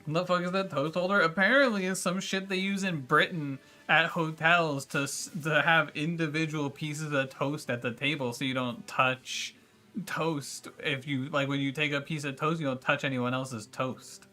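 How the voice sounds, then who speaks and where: Over soft background music, a man speaks at a moderate pace in a fairly high, steady voice with a sharp tone. He's streaming a game, swearing and ranting in frustration and arguing back at his chat in a casual livestream.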